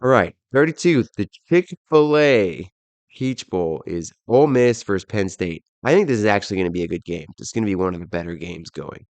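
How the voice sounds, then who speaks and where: A man's voice: on the low side, animated, a little fast, a little mellow, no room sound. A young man hosting a casual solo football podcast, rattling off odds and picks in an offhand, self-deprecating way. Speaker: podcast host. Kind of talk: casual solo bowl predictions.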